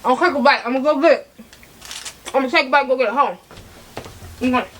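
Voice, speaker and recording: A woman's voice: high voice, rapid-fire, fairly bright tone, slight background noise. A woman vlogging about handbags in a sassy, chatty way, talking straight to her viewers while she eats. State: eating while talking, mouth sometimes full. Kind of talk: casual chat to camera.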